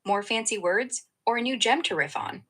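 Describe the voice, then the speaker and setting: A woman's synthetic assistant voice answers in a playful, slangy, flattering way. Her tone is bright and upfront, with a husky, breathy edge. She keeps the chat light and easygoing throughout. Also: fairly high pitch, moderate pace, low-quality recording. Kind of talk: upbeat conversational replies.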